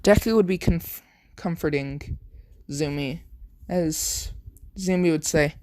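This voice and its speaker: Halting improvised story narrator, dry sound. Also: medium pitch, a little mellow, no room sound. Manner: halting, with frequent restarts and self-corrections; strings events together with repeated "would" and "as". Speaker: fan fiction storyteller.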